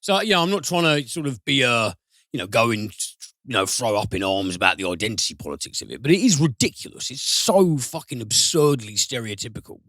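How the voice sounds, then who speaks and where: A man reviewing films on a podcast, animated and given to swearing and sudden high mimicry. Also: a little fast, no room sound, clean studio sound. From United Kingdom. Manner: animated, swears, mimics voices with big pitch jumps. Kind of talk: casual podcast film review.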